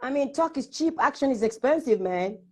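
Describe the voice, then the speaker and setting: A woman's voice: high-pitched, brisk. An older woman, chatting animatedly in an interview and acting out little quotes as she tells stories. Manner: expressive storytelling with acted-out quotes and laughter. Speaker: singer in conversation. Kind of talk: animated casual conversation.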